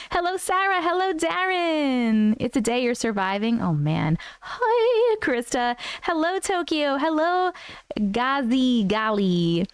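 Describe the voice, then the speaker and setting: A woman's voice: sits high, big pitch swings, slow, dry recording. A woman hosting a live stream, greeting her chat viewers one by one in a bubbly, playful way. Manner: bubbly, playful, trying silly accents. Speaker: host of a live stream reading weird stories.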